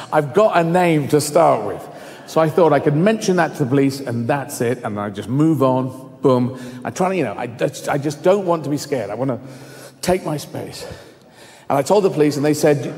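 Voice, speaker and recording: Middle-aged man, fairly high voice, animated storytelling, long hall reverb. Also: a little fast. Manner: animated, acts out voices, swears freely. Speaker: guest. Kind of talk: storytelling in conversation.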